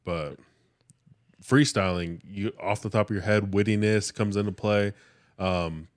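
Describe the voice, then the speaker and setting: A man co-hosting a podcast in casual chat, an animated storyteller who laughs often and acts out dialogue. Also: fairly low pitch, unhurried. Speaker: podcast co-host.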